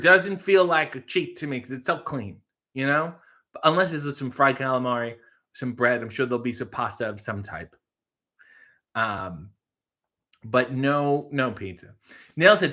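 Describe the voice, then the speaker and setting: A man's voice: medium pitch, sharp tone. A man hosting a casual livestream, reading chat messages and making wry jokes. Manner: wry, joking asides to the chat. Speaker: livestream host.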